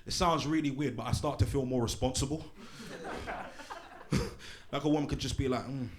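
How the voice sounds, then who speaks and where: A man, performing a brash, profane, animated stand-up set in a small venue. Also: medium pitch, a little fast, background noise. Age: late 20s. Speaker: stand-up comedian. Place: small comedy pub venue, live audience. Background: audience laughter.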